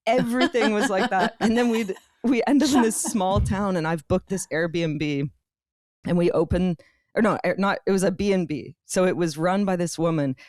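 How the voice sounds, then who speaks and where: A woman with a lowish voice tells a comedic travel story in casual podcast chat, and the sound is dry and close. She tells it in an animated way and acts out the other people's voices as she goes. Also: moderate pace, no echo. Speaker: podcast co-host.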